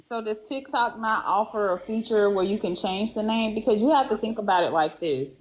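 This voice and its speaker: A woman's voice: mid-range voice, fairly quick, a little hiss or hum, low-quality recording. A woman in a casual live group chat, asking direct, confronting questions. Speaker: live stream participant.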